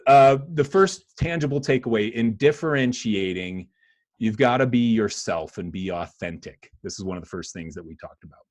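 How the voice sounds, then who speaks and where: A man's voice: lowish voice, lively intonation, moderate pace. A man from the United States co-hosting a casual business podcast, giving practical, encouraging advice and often chiming in with "yeah". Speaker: podcast host.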